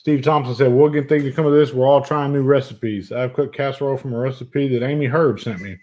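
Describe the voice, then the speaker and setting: A man's voice: medium pitch, steady tone, a little fast, warm tone. A middle-aged man, hosting a casual livestream, reading viewer comments and joking with lots of cursing and laughter. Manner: profane, joking, laughs often. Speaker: vape channel host.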